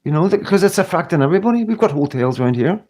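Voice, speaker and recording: A man's voice: high voice, animated, very fast, a little mellow. A middle-aged man from the United Kingdom talking earnestly and emotionally to viewers on a live stream, rambling and often restarting his sentences. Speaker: livestream host.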